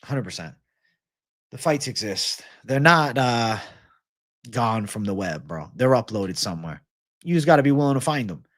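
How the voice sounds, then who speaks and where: A man's voice: medium pitch, animated, normal speed, a bit bright, no room sound, studio quality. Profane ranting man hosting a livestream. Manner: profane, ranting, reads viewer comments. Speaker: livestream host. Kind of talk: casual livestream Q&A.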